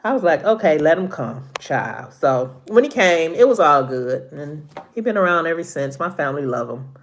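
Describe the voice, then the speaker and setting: A woman's voice: deep voice, animated, moderate pace, a little hiss or hum. A middle-aged woman chatting casually with viewers on a live stream, laughing often, a little congested from allergies.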